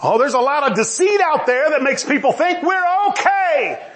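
A man preacher delivering a forceful sermon that rises to shouts, with mocking asides. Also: very high-pitched, animated, normal speed.

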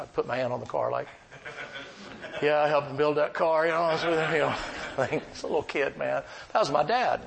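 A man's voice: mid-range voice, gravelly, rough recording. A man preaching a sermon, telling folksy, rambling stories in plain country talk. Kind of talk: storytelling sermon.

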